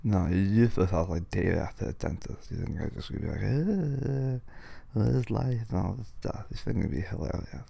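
A man's voice: low voice, fast talker, creaky, hardly any pauses, mellow, slightly rough. A man in a boyfriend role-play monologue, complaining with slurred, mumbling speech because his mouth is numb and swollen after dental work. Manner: whiny, complaining. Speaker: boyfriend talking to partner.

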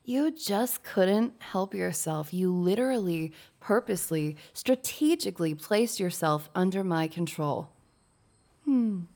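A woman's voice: on the low side, lively intonation, a little slow, warm tone. A young woman voicing a domineering, teasing woman boss in an intimate audio role-play, with a mocking, bossy way of talking.

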